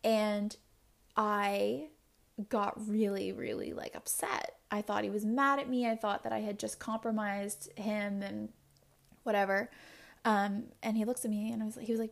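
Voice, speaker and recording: A woman's voice: mid-range voice, flat delivery, a little slow, gravelly. A young adult woman hosting her own podcast, talking openly and confessionally in a rambling way full of "like" fillers. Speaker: podcast host. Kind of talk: candid solo podcast talk.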